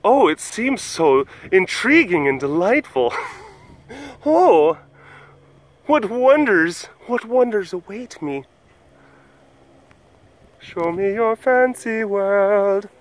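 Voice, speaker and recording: A man voicing an awestruck, dreamy fan in a drawn-out, wonder-struck tone. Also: high-pitched, animated, voice pushed up.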